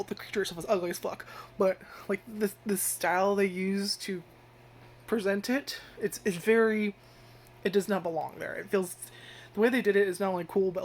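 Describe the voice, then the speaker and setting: A woman's voice: medium pitch, a little hiss or hum. A woman giving casual first-impressions commentary on an anime, rambling with lots of filler words and frequent swearing. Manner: animated, jumps into loud acted-out reactions. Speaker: anime reviewer.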